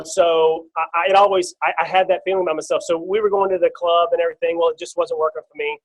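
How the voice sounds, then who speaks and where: Brief: middle-aged man, slightly high voice, casual rambling testimony on a team call. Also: rough recording. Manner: casual and storytelling, with many fillers and restarts. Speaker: guest speaker on a team call. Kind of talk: personal testimony on a conference call.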